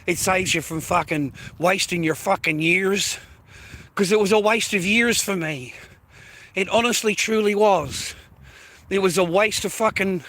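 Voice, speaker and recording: A man's voice: sits high, pushed and bright, low-quality recording. An Australian man ranting straight to his viewers in a casual vlog, swearing heavily, repeating himself and calling them mate and boys. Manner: profane, repetitive, addresses viewers as mates and boys. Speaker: vlogger.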